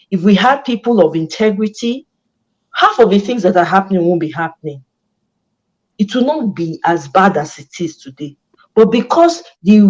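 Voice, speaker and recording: A woman's voice: medium pitch, a little mellow, rough recording. Passionate Nigerian woman host. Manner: passionate, emphatic, mixing Pidgin and English. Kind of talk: casual chat.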